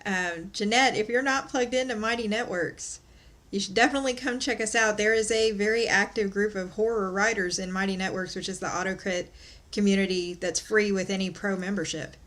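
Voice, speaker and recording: A woman's voice: medium pitch, fairly even intonation, a little fast, a bit bright. A woman co-hosting a casual livestream chat, friendly and informative.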